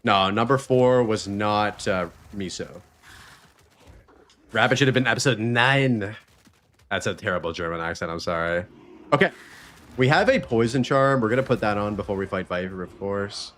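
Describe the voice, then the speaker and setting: A man's voice: on the low side, normal speed, fairly bright tone. Chatty man streaming a game. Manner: loose, chatty, swears freely, thinks aloud between game actions. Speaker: streamer and podcast host. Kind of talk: casual live-stream chat while gaming.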